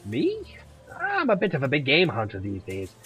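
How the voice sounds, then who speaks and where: Man doing a blunt, gruff Irish huntress, husky and higher than his own voice, swinging lively up and down, faint game music underneath. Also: moderate pace, exaggerated voice, rough recording. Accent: put-on Irish, drifting toward Scottish. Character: tough middle-aged Irish woman, blunt monster hunter.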